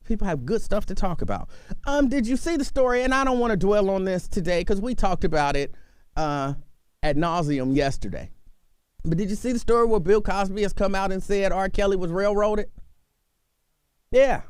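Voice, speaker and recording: Giggly talk radio host, dry studio sound. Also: male voice, high voice, a little fast, smooth, no room sound. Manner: chatty, keeps breaking into laughter. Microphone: studio microphone.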